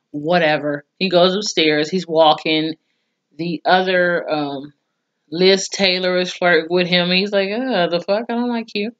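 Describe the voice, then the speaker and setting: A woman's voice: fairly low pitch, a bit bright, highs cut off. Casual swearing woman recapping. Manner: chatty and blunt, swears freely, reacts with mock disgust. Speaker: TV episode reviewer.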